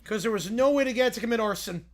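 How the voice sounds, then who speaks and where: A man's voice: very high voice, fast talker. A man hosting a livestream, chatting casually and rambling as he reacts to videos, chuckling now and then. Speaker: livestream host.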